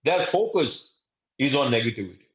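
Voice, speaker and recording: A man's voice: mid-range voice, very animated, normal speed, fairly bright tone, echoey room, lo-fi sound. A man teaching an online course lecture in an earnest, emphatic way, speaking to listeners as friends and acting out short quoted exchanges. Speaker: course instructor.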